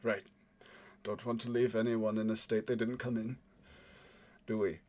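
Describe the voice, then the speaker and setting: A man's voice: fairly low pitch, flat delivery, quick pace, warm tone, close to an everyday voice. A man voicing a cornered male bomber who pleads and then gives grudging, resentful warnings in a tabletop game.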